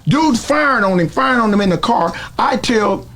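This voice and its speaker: A man's voice: high voice, lively intonation, normal speed, fairly bright tone. A man being interviewed, telling a story blow by blow in a street manner. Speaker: interview guest.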